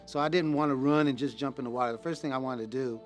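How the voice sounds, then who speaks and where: A man in his fifties from California tells his own story in a personal testimony. He speaks earnestly in a casual, slangy way and often stumbles and repeats words as he goes. His voice sits at an ordinary middle pitch. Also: fast talker, faint music behind. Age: 50s. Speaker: ministry program graduate.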